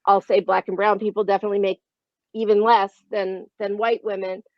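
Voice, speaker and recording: A woman's voice: mid-range voice, little pitch movement, a little fast, dry recording, dull audio. A woman speaking frankly as a panelist in a discussion.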